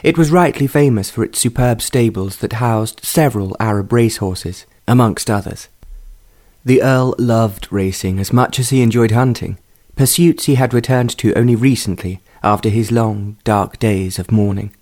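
A man narrating a period romance novel in a measured, even reading voice. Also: lowish voice. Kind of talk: storybook narration.

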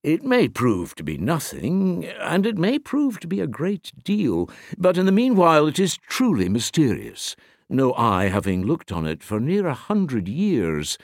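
A man reading aloud as a genial lawyer, courtly and teasing, speaking up higher than usual. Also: huge pitch swings, a little slow, no echo, studio quality, full character voice.

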